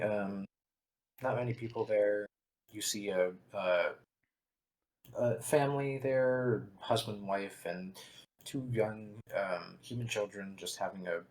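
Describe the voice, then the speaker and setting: A man's voice: fairly low pitch, darkish tone, rough recording. A man narrating as dungeon master in a tabletop game, talking loosely with many fillers and restarts.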